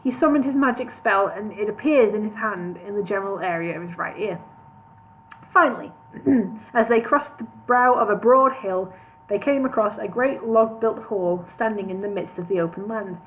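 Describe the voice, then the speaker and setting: A woman's voice: medium pitch, normal speed. A woman reading a storybook aloud on a live stream, often correcting herself and apologizing. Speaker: reader. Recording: tinny lo-fi livestream audio, faint noise.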